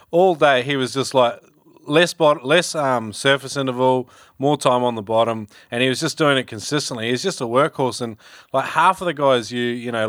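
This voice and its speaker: A man's voice: mid-range voice, a bit bright, dry recording, clean studio sound. A man hosting a casual interview, jokey and rambling as he asks questions. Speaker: podcast host.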